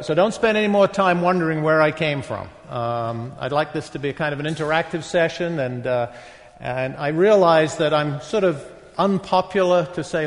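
A guest speaker at a retreat, a man in his sixties from northeast England, addresses a live audience in a large hall, his accent softened by decades in the US. His slightly high voice comes out halting and conversational, full of fillers and self-deprecating asides, with the long reverb of the hall on the recording.

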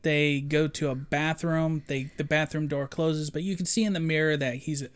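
A woman's voice: low voice, steady tone, normal speed. A woman in a casual chat, plainly recapping a film's plot scene by scene. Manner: plain, matter-of-fact recapping.

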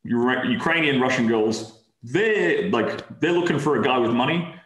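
A man's voice: medium pitch, moderate pace, a bit bright. A man with an Australian accent, a guest on a casual interview show, talking frankly and rambling a bit. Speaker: podcast guest. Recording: roomy echo.

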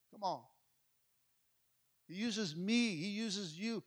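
A man's voice: high-pitched, slow, pauses often. A middle-aged male pastor from Mexico preaching a sermon, passionate and full of stories, often repeating words as he gets going. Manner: passionate, storytelling, repeats words when excited.

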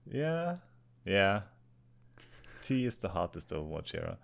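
A young Swedish man co-hosting a podcast in casual chat, deadpan and often swearing. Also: sits low, normal speed, vocal fry. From Sweden. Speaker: podcast co-host.

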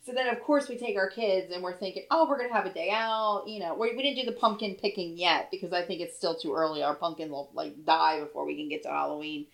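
A woman's voice: on the low side, fast, vocal fry, hardly any pauses, low-quality recording. Chatty mother rambling through a story. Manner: chatty, rambling, laughs often. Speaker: podcast co-host. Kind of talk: casual storytelling chat.

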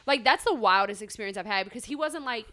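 Speaking at a quick pace, a young woman with a fairly high voice tells a story as a podcast co-host, animated and casual, leaning heavily on fillers like "like." The studio recording is clean, with no room sound.

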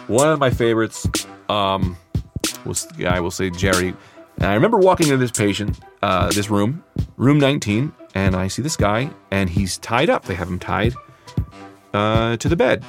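A man with a low, gravelly voice tells a personal story with lively energy and slips into the voices of the people he describes. Music plays clearly behind him. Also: moderate pace.

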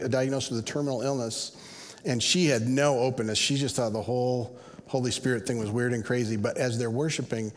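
Earnest pastor preaching in a reverberant hall. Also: male voice, medium pitch. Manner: conversational, earnest, acts out quoted voices. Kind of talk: sermon. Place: large church hall.

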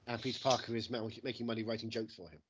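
A man's voice: fairly low pitch, racing, noisy background. A British man teasing his co-host through a casual movie quiz, tossing out actor names. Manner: playful, teasing, rattles off names.

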